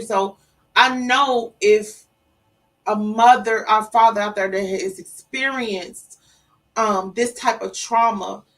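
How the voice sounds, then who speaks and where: A woman's voice: mid-range voice, far from the mic, poor audio. A middle-aged woman telling an emotional story in an interview, acting out the voices of the people in it. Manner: emotional, animated retelling with acted-out quotes. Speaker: interview guest. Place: studio.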